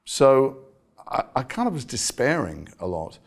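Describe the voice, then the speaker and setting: A British actor telling stories in an interview, animated and self-mocking. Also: male voice, medium pitch, measured pace, creaky. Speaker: actor guest. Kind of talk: conversational interview.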